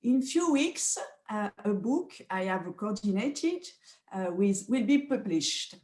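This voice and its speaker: A woman with a French accent speaks slowly and haltingly, filling pauses with "uh" and breaking into small laughs. Her voice sits in a roomy, echoey space. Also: mid-range voice, animated. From France. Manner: hesitant, many fillers, soft laughs. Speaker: guest psychoanalyst and researcher. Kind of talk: interview answers in English.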